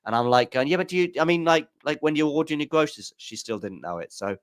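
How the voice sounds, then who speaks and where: A man's voice: a little high, expressive, quick pace, no echo, clean studio sound. A man co-hosting a live tennis watchalong, chatting casually and rambling with self-mocking asides. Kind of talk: casual live-stream chat.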